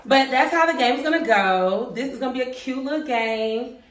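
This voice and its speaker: A woman's voice: sits high, moderate pace. A woman in her thirties hosting a vlog, chatting casually and laughing with friends. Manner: lively, laughing, Southern-tinged slang. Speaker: vlog host. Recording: echoey room, mic far off.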